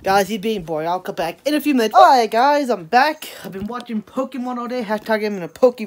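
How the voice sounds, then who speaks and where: A woman's voice: a little high, lively intonation, fairly quick. A woman, chatting in a casual, rambling vlog, full of laughing asides and "hashtag" quips. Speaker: daily vlogger.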